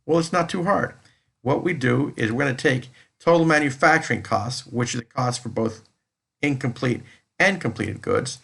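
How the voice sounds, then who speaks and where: A man's voice: medium pitch, normal speed, vocal fry, a bit bright, slightly rough. A man lecturing on accounting over a screen recording, explaining step by step and restating each point. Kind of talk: recorded lecture walking through a spreadsheet.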